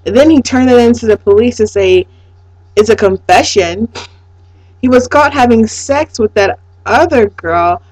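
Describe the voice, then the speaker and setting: A woman casually recapping a TV episode, excitable and profane, swinging from hushed to loud. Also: on the high side, measured pace, no room sound, rough recording.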